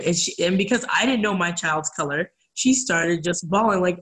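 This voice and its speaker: A woman's voice: lowish voice, a little fast, hardly any pauses, fairly bright tone, poor audio. A woman guest speaking earnestly in a casual interview, acting out the voices of people she quotes. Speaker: guest, community advocate.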